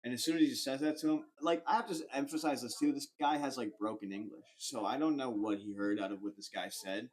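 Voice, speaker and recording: Young male podcast co-host, mid-pitched, rambling and slangy, fills every line with "like". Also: quick pace, few pauses. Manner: rambling, slangy, animated storyteller with lots of "like". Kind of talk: casual storytelling chat.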